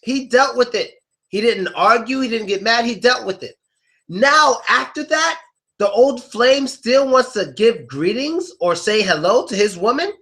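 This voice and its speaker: A man teaching English idioms to a live class in a joking, animated way, acting out quotes in loud, high voices. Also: measured pace.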